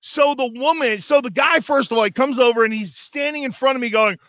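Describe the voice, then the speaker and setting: High-voiced man telling a heated story. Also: fairly quick, fairly bright tone, no echo. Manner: profane, worked-up anecdote with acted-out quotes. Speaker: radio show host. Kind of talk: animated storytelling, casual chat.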